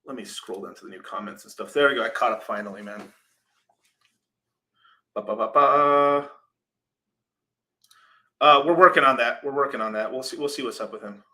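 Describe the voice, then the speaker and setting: A man's voice: mid-range voice, quick pace, few pauses, sharp tone. A young man hosting a casual crypto livestream, rambling loosely, swearing freely and reading out viewer super chats.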